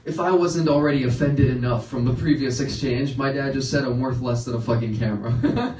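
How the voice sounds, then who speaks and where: A young man doing a stand-up set, laughing at his own jokes and jumping into high yelps when he acts out his reactions. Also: steady tone, brisk, a little mellow. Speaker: stand-up comedian. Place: comedy studio stage. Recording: roomy, picked up from a distance.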